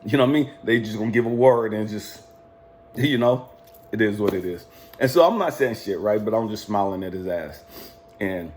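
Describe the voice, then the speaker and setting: A man's voice: lowish voice, darkish tone, slight background noise. A man from California telling a personal story in a casual, profane, defiant way, laughing often. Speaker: life coach vlogger.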